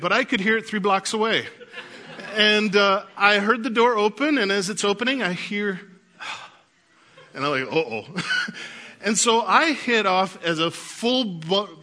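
A man preaching a sermon, telling lively childhood stories and laughing through them. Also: sits high. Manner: animated storyteller, laughs through anecdotes. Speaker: pastor. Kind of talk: sermon with storytelling.

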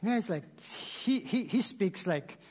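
A man with a Filipino accent speaks to a church congregation, opening his sermon with self-deprecating jokes. His voice sits high and swings widely in pitch, with a husky edge. He sounds animated and laughs at himself often. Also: takes it slowly. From Philippines.

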